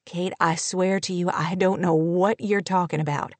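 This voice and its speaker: A woman voicing a bewildered, stern man who speaks in a lowered, firm and terse voice in an audiobook. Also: steady tone, normal speed, a little mellow, no room sound, lightly acted. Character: bewildered stern man, patient but growing angry.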